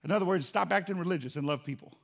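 A man with a high-pitched voice preaches a sermon from the pulpit. He builds his points through repetition and swings between loud, emphatic lines and quieter asides. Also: racing, creaky. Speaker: pastor. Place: church.

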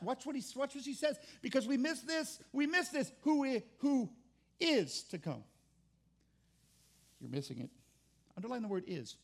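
Man, high-pitched, a pastor preaching with fervor in a chatty way. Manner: impassioned and conversational, with restarts. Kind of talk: sermon.

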